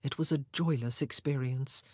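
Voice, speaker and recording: A woman narrating a historical novel in a measured, expressive storytelling voice. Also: extremely low pitch, no echo, clean studio sound. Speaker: audiobook narrator.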